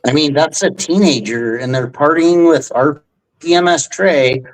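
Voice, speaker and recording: A man's voice: fairly high pitch, measured pace, rough recording. A man hosting a livestream, ranting in a heated, profane and rambling way. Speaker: livestream host.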